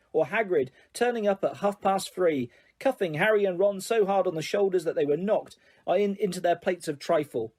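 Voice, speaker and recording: A man narrating a fantasy audiobook in a calm, steady reading voice with a breathy tone. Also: high-pitched. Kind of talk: storybook narration.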